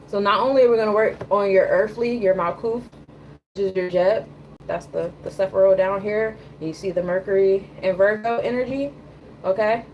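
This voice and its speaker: Woman, mid pitch, casual tarot reading, loose conversational talk, faint hiss behind. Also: moderate pace, muffled recording. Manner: loose, conversational, repeats "you know what I'm saying". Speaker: tarot and astrology reader.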